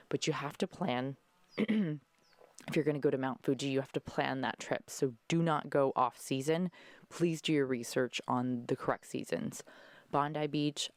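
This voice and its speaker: Low-voiced chatty woman podcaster. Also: clean tone, no echo. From California. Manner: chatty, enthusiastic, swears casually. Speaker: podcast host. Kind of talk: casual solo podcast.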